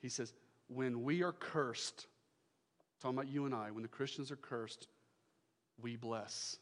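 Male pastor preaching, repeats himself a lot, goes loud then quiet, long echo of a big hall. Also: medium pitch, fairly even intonation, unhurried. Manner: emphatic, repeats phrases, swings from loud to hushed. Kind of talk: sermon.

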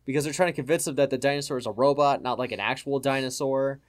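A man's voice: mid-range voice, quick pace. A young adult man co-hosting a podcast who recaps a movie in rambling, profane casual chat full of fillers. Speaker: podcast co-host.

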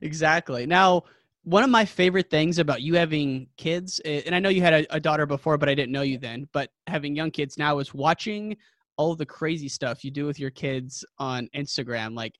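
A man hosts a casual podcast, his voice a touch high and recorded dry and close. He asks long, friendly questions that ramble a little. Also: normal speed, fairly bright tone, no room sound. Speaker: podcast host. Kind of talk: casual interview chat.

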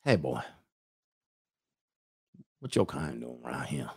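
A man voicing a menacing older male sheriff with a slow, low Mississippi drawl. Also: very animated, creaky, darkish tone, slightly rough, exaggerated voice.

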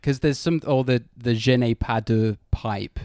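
Slow-talking laid-back young man, dry sound. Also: medium pitch, no room sound. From Wales. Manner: joking, relaxed, swears casually. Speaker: podcast co-host. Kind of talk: casual chat.

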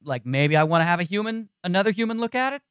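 A man's voice: high voice, lively intonation, fast, a bit bright, smooth, no room sound, clean studio sound. A man co-hosting a podcast in casual chat, telling stories emphatically with many restarts. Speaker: podcast co-host. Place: podcast studio.

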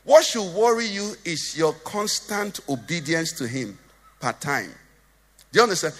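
A man's voice: fairly high pitch, animated, measured pace, fairly bright tone, big-room sound, soft background music. A Nigerian man preaching a sermon as pastor, joking and asking the congregation questions. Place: church hall.

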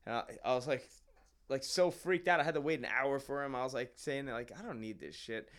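Quick-talking New guy, barber, salty storyteller on a podcast. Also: medium pitch, fairly bright tone. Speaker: barber guest. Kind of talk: casual podcast chat.

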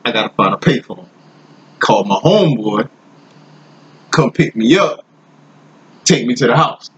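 A man telling a story in a casual, slangy, animated way, laughing as he goes. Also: medium pitch, muffled recording, a little hiss or hum.

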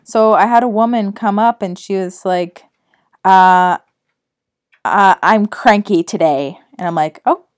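A young adult woman co-hosts a casual podcast chat, her smooth, medium-pitched voice a little slow with long pauses. She rambles through stories and acts out the voices of the people in them.

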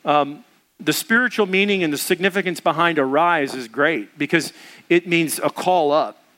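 A man delivers a sermon in a loose, conversational way. His voice sits high. The tone is bright and forward, and he acts out the quotes he tells. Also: normal speed. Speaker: preacher.

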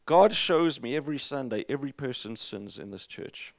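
A man preaching a sermon as pastor, energetic and emphatic, with jokes to the congregation. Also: medium pitch, moderate pace, vocal fry.

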